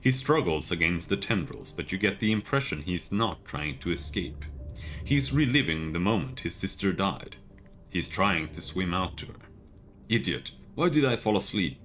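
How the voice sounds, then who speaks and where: A man streaming a video game, reading its text aloud in a steady, measured way with casual asides. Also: deep voice.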